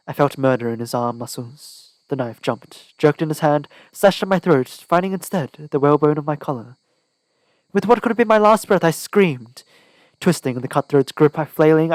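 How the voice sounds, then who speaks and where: A man reads an audiobook in the first person, his voice pitched a little high and his delivery dramatic and tense. The recording is close and dry. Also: dry recording, rough recording. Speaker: audiobook reader.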